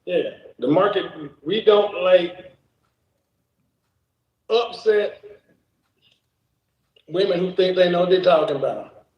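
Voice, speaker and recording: A man's voice: high voice, slow pace, pauses often, roomy sound, dull audio. A man hosting a casual reaction stream, joking around, cursing and laughing often. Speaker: streamer host.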